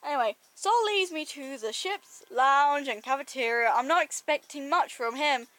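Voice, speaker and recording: A woman with a high voice reads her own science-fiction story aloud, her throat sore and scratchy. She breaks off for chatty, self-mocking asides between passages. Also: moderate pace, a bit bright, no room sound. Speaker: amateur audiobook reader.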